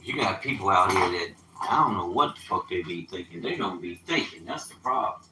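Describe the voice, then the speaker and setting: Streetwise man in his fifties, bright forceful voice, echoey room with faint ambient noise; animated storyteller on a casual stream. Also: low voice, brisk. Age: 50s. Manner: animated, streetwise, swearing, loud outbursts. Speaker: livestreamer.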